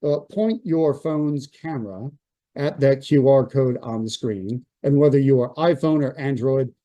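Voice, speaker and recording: Mellow-voiced male host, upbeat pitch, dry sound. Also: measured pace, dry recording. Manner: upbeat salesy pitch with fillers. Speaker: real estate trainer and host. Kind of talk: promotional talk to an audience.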